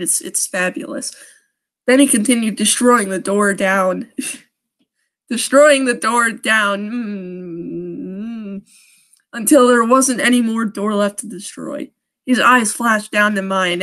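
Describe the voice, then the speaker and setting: A woman's voice: mid-range voice, takes it slowly, fairly bright tone. Giggly young woman reading a creepy story. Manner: giggly and sarcastic, often breaking off to laugh. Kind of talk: live-stream story reading with joking asides.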